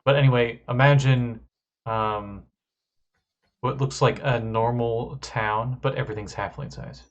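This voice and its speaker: A man's voice: mid-range voice, unhurried, lo-fi sound. A man narrating as game master, hesitant, with many ums and restarts.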